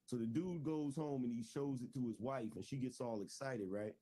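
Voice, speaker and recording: A man's voice: medium pitch, moderate pace, warm tone, husky. Dude telling a raunchy joke to his friends, mid voice, super loose, says "right?" constantly. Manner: loose, slangy, keeps checking in with "right?". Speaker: joke teller. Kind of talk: casual storytelling on a group call.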